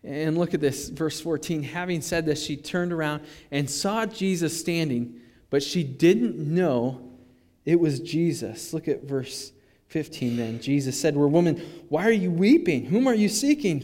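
A male pastor preaching a sermon in a conversational, animated way, with frequent restarts. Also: a little high, unhurried, big-room sound.

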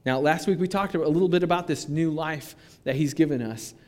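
A male pastor with a somewhat high voice preaches a sermon in a casual, animated way, often restarting his sentences. His voice trails off into the long reverb of a church sanctuary. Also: fairly quick.

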